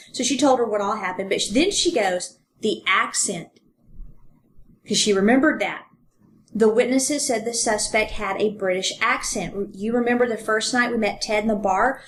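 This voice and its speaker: A woman's voice: mid-range voice, slight background noise. A woman co-hosting a podcast, casually retelling a true-crime story and reading passages aloud with ums and fillers. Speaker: podcast co-host.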